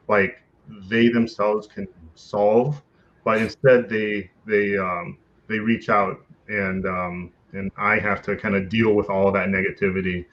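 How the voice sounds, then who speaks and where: A man's voice: lowish voice, fairly bright tone, dull audio. A man answering interview questions over a video call in a casual, hesitant way, with many fillers and restarts and frequent laughs. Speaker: interview guest, content creator.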